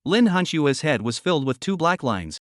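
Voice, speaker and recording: Lively male recap narrator. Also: a little high, normal speed, dry recording, clean studio sound. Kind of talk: scripted narration.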